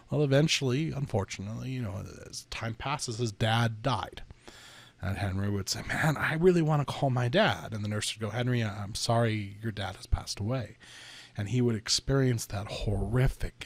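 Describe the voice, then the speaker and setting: A man's voice: mid-range voice, dry recording. A man lecturing on psychology, telling a story and checking in with the listener as he explains.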